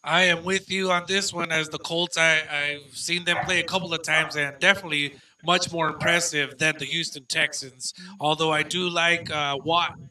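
Bright, high-voiced tired man. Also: moderate pace, few pauses. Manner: excitable, playful. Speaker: podcast guest. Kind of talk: casual sports picks chat.

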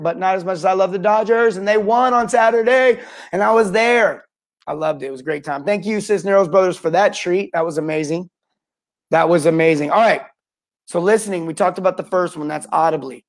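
A man in middle age runs a live coaching stream for tradespeople, his voice sitting high for a man. He talks with lots of energy, greets viewers by name and slips into quick acted-out customer lines to make his point. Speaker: podcast host and plumbing sales coach.

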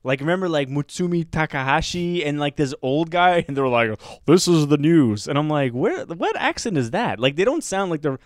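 A man's voice: on the high side, sing-song, fairly quick, hardly any pauses, no room sound, clean studio sound. A man co-hosting a podcast in casual chat, rambling with frequent laughs, restarts and fillers. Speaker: podcast co-host.

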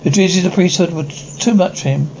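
A man reading the part of an elderly woman mourning her brother, a priest, in a slow, hushed and rambling way. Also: high-pitched. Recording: dull, slightly noisy recording.

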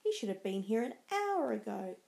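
A woman's voice: on the high side, very animated, normal speed, gravelly, a little mellow. A woman voicing Mercutio, a sarcastic, hot-tempered young swordsman, in a storybook reading. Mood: impatient. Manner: sarcastic and snappish.

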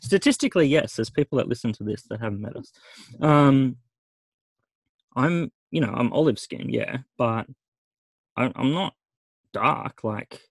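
A man's voice: medium pitch, a little slow, pauses often, no room sound. A middle-aged man tells a story on a podcast in casual chat. He acts out each person's lines and swears freely. The sound is dry and close to the mic. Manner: animated retelling, swearing, acting out quoted voices. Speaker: podcast co-host.

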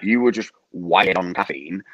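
A man's voice: deep voice, a little slow, background noise. Laughing young man from Preston. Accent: Lancashire English. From Preston, England. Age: young adult. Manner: rambling storyteller, laughs often. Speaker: podcast guest. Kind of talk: casual chat. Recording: muffled lo-fi audio.

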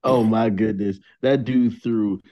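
A man's voice: fairly low pitch, fairly even intonation, slow, muffled recording. A man co-hosting a podcast in casual chat, making dry joking asides. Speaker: podcast co-host.

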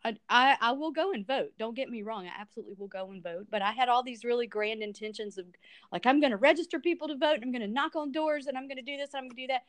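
A woman in casual chat, talking in an expressive, halting way about her feelings. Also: on the high side, dry recording.

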